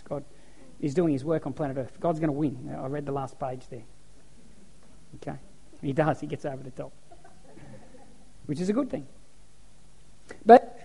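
A man preaching a sermon as pastor, animated storytelling. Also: high voice. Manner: animated storytelling, acts out cheering crowds. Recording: echoey hall with long reverb.

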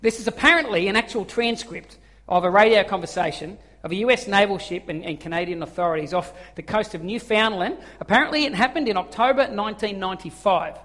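High-voiced pastor in a hall. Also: male voice, quick pace. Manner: animated storytelling with acted-out quotes. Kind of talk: sermon. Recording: long hall reverb.

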